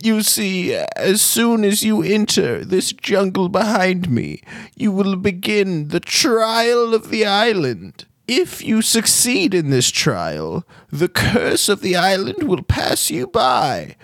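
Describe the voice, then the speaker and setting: A man's voice: high-pitched, big pitch swings, slow, a bit bright, no room sound, pitched above the performer's own voice, heavily acted. A man voicing a tiny, cheerful, cryptic old male gnome wizard in a tabletop game, with a quavering, sing-song, teasing manner. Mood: ominous.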